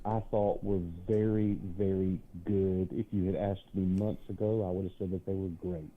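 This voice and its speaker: A man's voice: low-pitched, level tone, moderate pace. A man calling in to a show, talking earnestly and at length, with a self-mocking edge. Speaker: caller. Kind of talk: casual call-in chat. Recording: tinny phone line.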